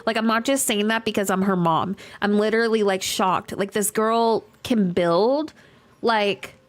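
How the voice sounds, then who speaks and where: Speaking unhurriedly in a mid-range voice, a young adult woman plays a game on stream and chats casually with viewers. She laughs often, leans on fillers and reads chat aloud, and a little music can be heard behind her.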